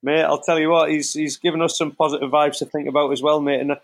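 Man, slightly high voice, lively storyteller, podcast co-host. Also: fast talker. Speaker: co-host, former footballer. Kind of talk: casual podcast chat.

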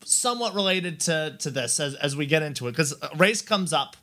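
A man's voice: a little high, animated, a little fast, pushed and bright. A man co-hosting a podcast in casual chat, rambling and restarting his sentences, laughing often. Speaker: podcast co-host.

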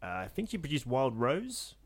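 A man co-hosting a film podcast, telling stories in an animated way and laughing often. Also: mid-range voice, moderate pace. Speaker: podcast co-host. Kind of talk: casual chat.

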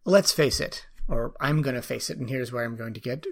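A man speaking in an earnest, reflective way, as if thinking aloud. He pauses, restarts and searches for words. His pitch sits in an ordinary middle range for a man. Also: vocal fry. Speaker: teacher. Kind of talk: reflective personal talk.

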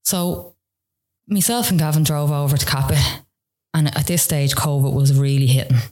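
Her voice sits low and a little mellow, at normal speed, as this Irish podcast guest tells a personal story in relaxed conversation. She meanders, leans on "like" as filler, and recounts what people said.

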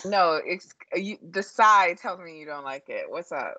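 A woman with a New York accent talks bluntly and casually, swearing freely and trailing into fillers. Her voice sits low but swings widely in pitch. The sound is dry and close. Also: big pitch swings, measured pace, pushed and bright, no room sound. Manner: blunt, profane, chatty with many fillers. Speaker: podcast co-host. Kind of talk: casual chat about reality TV.

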